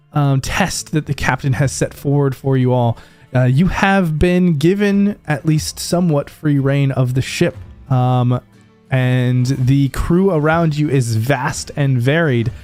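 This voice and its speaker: A man acting as game master who sets the scene in a relaxed way, with frequent ums. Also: a little high, takes it slowly, no echo, soft background music. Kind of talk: narrating a tabletop game.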